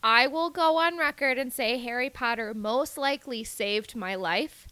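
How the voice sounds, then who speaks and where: An excitable American woman chatting casually on a podcast, swearing freely. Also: on the high side, a little slow, clean tone, no room sound. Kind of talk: casual chat.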